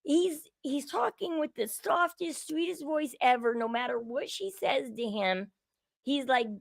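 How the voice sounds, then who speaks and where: Indignant high-voiced woman commentator. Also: measured pace, gravelly, no room sound. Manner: indignant, opinionated, repeats herself while building a point. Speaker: show host. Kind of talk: commentary on a reality show.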